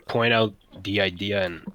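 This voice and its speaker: Tentative man with a forceful lower voice. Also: steady tone, unhurried, no echo, lo-fi sound. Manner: tentative questioning, repeats words. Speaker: participant. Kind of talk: casual discussion.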